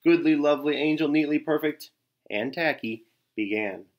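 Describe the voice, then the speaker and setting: A man reading a children's picture book aloud in an expressive way, with gasps and sighs. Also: a little high, normal speed. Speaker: storyteller.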